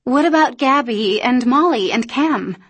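A woman's voice: high voice, animated, a little slow, husky, pitched above the performer's own voice, exaggerated voice. A woman voicing an anxious young woman who speaks in urgent, pleading outbursts in an audiobook. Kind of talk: audiobook character voice.

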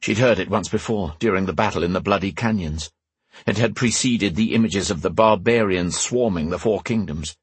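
A man narrating a fantasy audiobook in a steady, measured storytelling manner. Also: sits low, breathy edge, no echo.

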